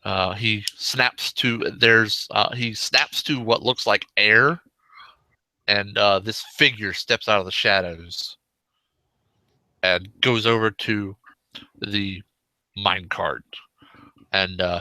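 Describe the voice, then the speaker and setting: A man narrating a tabletop game as game master, unhurried and full of fillers. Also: fairly low pitch, fairly even intonation, pushed and bright, no echo, poor audio.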